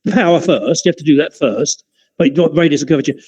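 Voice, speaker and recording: A man's voice: on the high side, fast talker, darkish tone, husky, poor audio. A man teaching an optics class in an informal, chatty way, often digressing and restarting his sentences. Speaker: optics lecturer.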